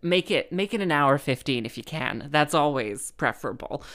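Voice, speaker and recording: A woman's voice: sits low, expressive, moderate pace, a bit bright. A woman, a musician telling a rambling comic story, full of fillers and exasperation.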